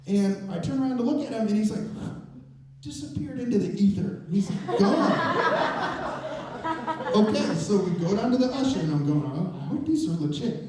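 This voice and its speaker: High-voiced man telling a story on stage. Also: moderate pace, over a noisy crowd. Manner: animated, conversational, builds suspense. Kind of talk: live personal storytelling on stage. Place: stage in a performance venue. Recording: very echoey, voice from a distance.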